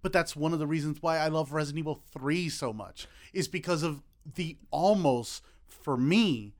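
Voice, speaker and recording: A man's voice: fairly high pitch, normal speed. A man co-hosting a casual podcast, talking in a blunt, crude, joking way. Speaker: podcast co-host.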